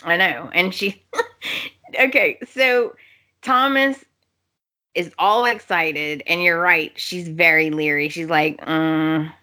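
A woman's voice: lowish voice, takes it slowly, sharp tone. A woman co-hosting a podcast, animatedly recapping soap opera scenes, laughing often and acting out characters' lines. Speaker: podcast co-host.

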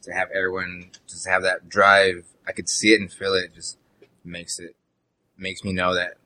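A man's voice: low voice, completely flat delivery, normal speed, sharp tone. A man guest on a podcast, speaking earnestly and laughing easily. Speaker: band member guest.

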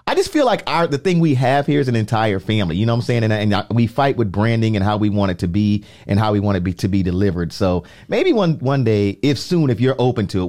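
A man hosting a podcast, talking in a teasing, animated way with drawn-out emphasis. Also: mid-range voice. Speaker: podcast host. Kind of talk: casual podcast chat.

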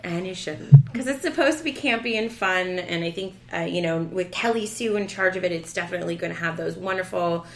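A woman co-hosting a casual podcast, talking in a gushing, excitable way with lots of emphasis. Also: fairly low pitch, fairly quick, creaky, hardly any pauses, a little hiss or hum. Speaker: podcast co-host.

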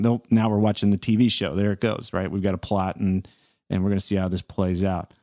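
A man's voice: fairly low pitch, fairly even intonation, brisk, warm tone, no echo, clean studio sound. A man hosting a podcast interview, thoughtful, repeating words as he searches for his phrasing. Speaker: podcast host. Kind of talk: conversational interview.

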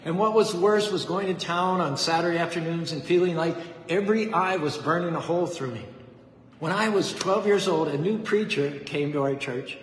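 A man delivers a devotional sermon with fervent, rhythmic repetition, building his points line by line. His voice sits fairly high. The sound carries a long hall reverb with faint ambience underneath. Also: normal speed, slight background noise. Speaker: preacher.

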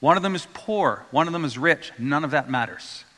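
A man preaching a sermon as a pastor, retelling stories in a lively way and getting the congregation to say words back to him. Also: fairly high pitch, fairly quick. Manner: storytelling, acts out quoted voices, asks congregation to repeat words. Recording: long hall reverb.

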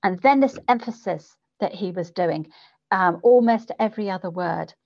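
A woman who coaches public speakers, talking in an interview and changing her pitch and volume to demonstrate delivery. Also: normal speed, gravelly, darkish tone. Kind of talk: conversational interview. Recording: dull lo-fi podcast audio.

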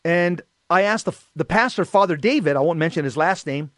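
A man's voice: fairly high pitch, lively intonation, a little fast, no room sound, clean studio sound. A middle-aged man giving an earnest, emphatic personal testimony about faith. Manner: earnest, emphatic, rises to shouting in quoted exchanges. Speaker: Catholic lay speaker.

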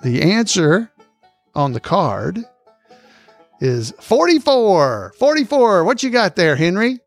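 A man hosting a casual podcast trivia quiz, reading each question slowly and repeating it, with frequent chuckles, on a close microphone. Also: high-pitched, big pitch swings, faint music behind.

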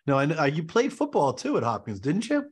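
A man's voice: a little high, huge pitch swings, fast talker, husky. A man from Baltimore hosting a casual podcast interview, friendly and chatty, jumping in with questions. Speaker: podcast host, physician.

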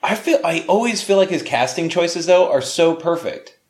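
A man's voice: a little high, expressive, moderate pace, a little mellow, reverberant. A young man co-hosting a casual podcast, enthusiastic, swearing and saying "dude" a lot. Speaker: podcast co-host. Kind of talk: casual chat.

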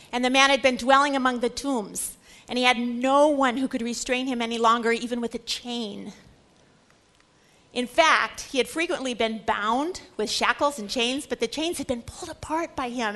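Woman Bible teacher with a high voice, lecturing with expressive, dramatic storytelling.

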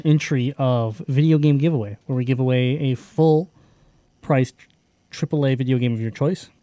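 A man's voice: mid-range voice, dark tone, no echo. A man hosting a gaming podcast, talking in loose, casual banter full of fillers. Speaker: podcast host.

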